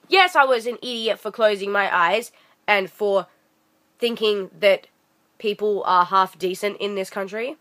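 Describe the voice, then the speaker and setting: A young woman vlogging a ranting story, exasperated and animated, acting out what others said. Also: a little high. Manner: animated, exasperated, acts out quoted voices.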